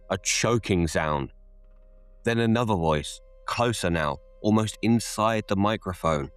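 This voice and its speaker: A man narrates a scripted horror tale in a very low voice. He takes it slowly and deliberately, each line measured. Faint music sits underneath. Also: dry recording.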